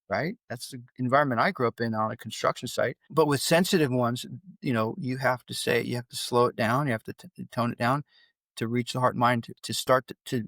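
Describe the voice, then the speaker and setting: A middle-aged man talks as a guest in an interview and tells long stories in an animated way. His pitch swings upward when the memory turns heated. The recording is dry and close to the mic. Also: no room sound. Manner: animated storytelling, voice climbs when recalling anger. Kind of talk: interview conversation.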